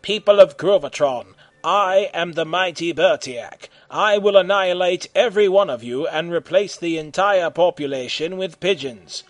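Evil robot overlord, pompous and booming, as a man puts him on, slow deliberate delivery. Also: no echo, natural voice. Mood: menacing.

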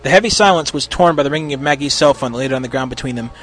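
A man narrating a story in an expressive reading. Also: mid-range voice, very fast, faint music behind. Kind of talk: storybook reading of fan fiction.

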